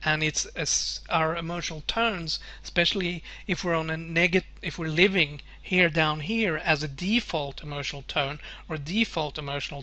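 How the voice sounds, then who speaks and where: A man's voice: on the high side, sharp tone, no echo. A man presenting a webinar with slides, explaining earnestly and often circling back to restate his points.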